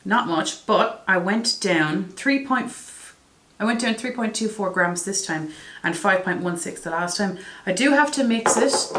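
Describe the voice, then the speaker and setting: Chatty woman vlogger, slightly low voice, exasperated asides, roomy echo. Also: a bit bright. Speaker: beauty vlogger. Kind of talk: casual product review vlog.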